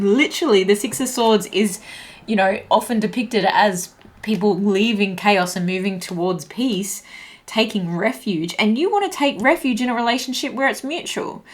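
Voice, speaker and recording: A tarot reader speaks at normal speed in a medium-pitched voice, doing an intuitive reading. Her voice is shaky and slightly breathless as she turns cards, musing and reaching for the right words.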